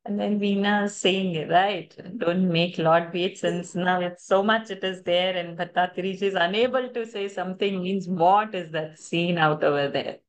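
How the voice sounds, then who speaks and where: A woman's voice: fairly low pitch, fairly even intonation, normal speed, few pauses. A woman leading a scripture chanting class over a video call. She talks casually and loosely, laughs often and trails off mid-sentence before picking the thought back up. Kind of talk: casual online class chat.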